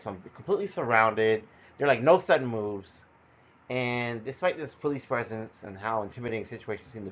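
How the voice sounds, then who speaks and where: A middle-aged man with a fairly low voice tells personal stories in a rambling, conversational way, full of fillers and restarts. The recording is dull and lo-fi, and the highs sound muffled. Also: a bit bright. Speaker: storyteller. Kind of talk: personal storytelling monologue.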